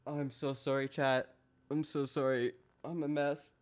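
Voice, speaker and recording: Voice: mid-range voice, flat delivery, measured pace. A live streamer reading a document aloud to their chat, adding casual self-deprecating asides.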